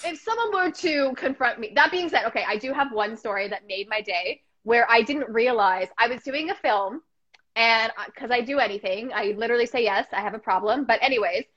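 A young woman hosting a casual chat, telling stories in a rambling, animated way with lots of restarts. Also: on the high side. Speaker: podcast host. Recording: dull lo-fi audio.

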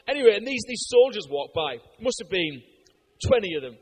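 High-voiced English male preacher. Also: brisk, slightly rough. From Britain. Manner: animated storytelling, conversational with repeated fillers. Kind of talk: sermon with anecdotes.

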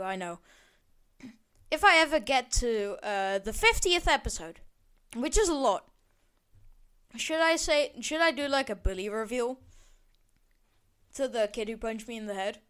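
Teen girl rambling on her podcast, high voice, swears a lot, keeps backtracking. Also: sharp tone, smooth. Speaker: podcast host. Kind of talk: casual solo podcast rant.

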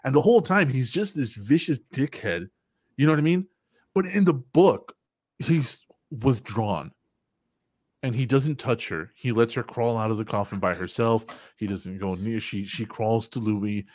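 A man hosting a casual podcast, telling stories in an animated, profane way and acting out quotes. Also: medium pitch, a little slow, no echo, clean studio sound. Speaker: podcast host.

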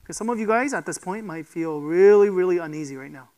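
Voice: mid-range voice, quick pace, darkish tone, clean tone, rough recording. A preacher giving a sermon, speaking emphatically, posing rhetorical questions and often checking in with the listeners.

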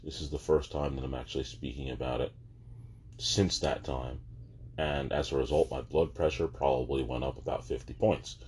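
A man's voice: a bass voice, fairly even intonation, normal speed, darkish tone, a little hiss or hum. A man vlogger telling a story in a casual, exasperated, ranting way.

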